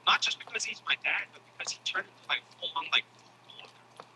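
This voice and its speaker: A man telling a comic story in a casual, animated style, swearing freely and acting out other people's voices. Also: high voice, fast, background noise. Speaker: comedian. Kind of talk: stand-up comedy storytelling.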